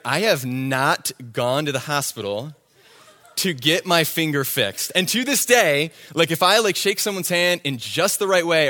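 A young man telling a self-deprecating story in a sermon, animated and quick with asides. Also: fairly high pitch. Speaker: youth pastor.

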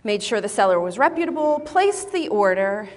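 A woman teaches a women's group in a sermon style, telling stories with lively, expressive rises and falls in her voice. Her voice sits in a middle register. A long reverb from a large hall hangs behind her words. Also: medium pitch, moderate pace. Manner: animated, expressive storytelling. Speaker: speaker at a women's Bible study.

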